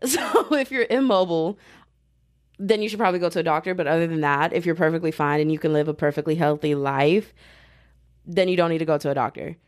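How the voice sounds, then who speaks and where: Animated young woman podcaster telling stories. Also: low-pitched. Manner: animated and dramatic, slangy, quick asides. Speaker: podcaster, student. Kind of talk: casual storytelling chat.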